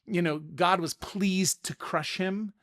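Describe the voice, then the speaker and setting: A middle-aged man hosting a casual podcast, talking through ideas in an animated way and often repeating words as he thinks. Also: high voice, slow pace. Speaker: podcast host. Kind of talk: casual spoken commentary.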